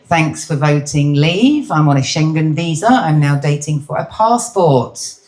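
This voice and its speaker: A woman's voice: low-pitched, lively intonation, measured pace, darkish tone. A middle-aged British woman doing stand-up, chatting cheekily with the audience. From Britain. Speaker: stand-up comedian. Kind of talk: stand-up crowd work. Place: comedy venue with live audience.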